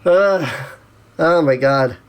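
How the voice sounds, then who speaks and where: A woman streamer giving casual livestream commentary on a game, emotional, halting and self-conscious. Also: low-pitched.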